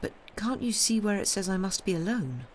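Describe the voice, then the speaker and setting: A woman reading aloud and voicing an innocent young girl who stammers and pitches her voice up high. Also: expressive, fairly quick, slight background noise, natural voice. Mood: protesting.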